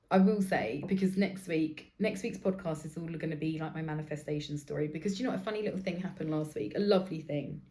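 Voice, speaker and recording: A woman's voice: medium pitch, a little mellow. A woman in her forties hosting a candid solo podcast, telling stories bluntly and emotionally with plenty of swearing. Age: 40s. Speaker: podcast host.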